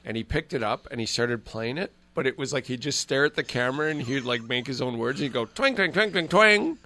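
Bright-voiced chatty sports radio host. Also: male voice, medium pitch, fast talker. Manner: chatty, storytelling with animated voice impressions.

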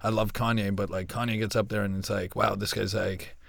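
A man's voice: on the low side, flat delivery, a little fast, vocal fry, a bit bright, no room sound. A man being interviewed, speaking in a laid-back, easygoing way, often hesitating and restarting. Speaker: guest. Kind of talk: casual interview chat.

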